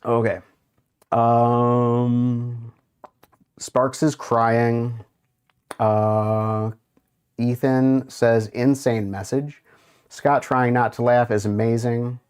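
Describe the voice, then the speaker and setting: A man's voice: medium pitch, little pitch movement, darkish tone, clean tone. A man hosting a casual livestream, reading viewers' chat aloud and muttering to himself while he browses. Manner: unhurried, muttering while browsing, amused asides. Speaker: livestream host.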